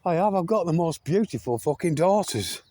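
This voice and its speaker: With lively intonation and a mellow, slightly high voice, an older UK video blogger rants at a moderate pace, and there's no room sound. His monologue is heavy on profanity and repetition, with restarts and constant references to his audience as folks.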